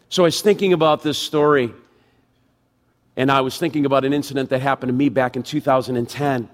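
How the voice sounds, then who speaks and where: A middle-aged man preaching a sermon as pastor, emphatic, acting out inner thoughts and dropping low and quiet for the Spirit's words. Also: a little fast.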